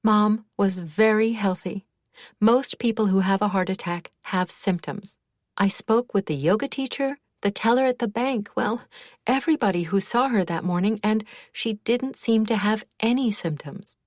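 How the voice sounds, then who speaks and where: A woman's voice: medium pitch, moderate pace, a little mellow, no echo, studio quality, voice pushed up, natural voice. A woman voicing an earnest woman professor reasoning through a loss, in an audiobook.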